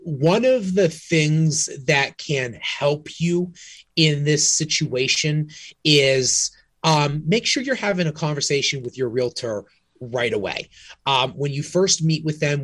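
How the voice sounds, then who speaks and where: A man co-hosting a real estate podcast speaks frankly and casually, often restarting his sentences. His voice is on the high side, a bit bright and slightly rough, with no room sound.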